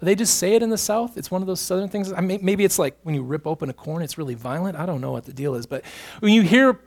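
Pastor, male, fairly high voice; preaches in swings from quiet and drawn-out to forceful and loud. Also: expressive. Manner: swings between hushed, slow stretches and loud, emphatic bursts. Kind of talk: sermon.

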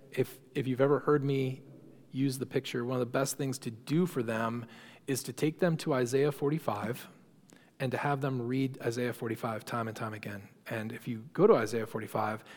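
A man with a mid-range voice teaches a church class. He speaks loosely and conversationally, restarting sentences and filling pauses. The sound rings with the long reverb of a hall. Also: mid-range voice, darkish tone. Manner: conversational, frequent fillers and restarts. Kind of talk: informal lecture to a class.

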